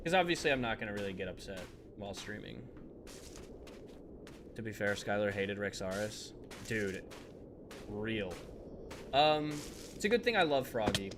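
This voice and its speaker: A man's voice: lowish voice, very animated, moderate pace, pauses often, noisy background. A young man, chatting casually with his viewers while playing a game on a live stream, laughing often and answering chat.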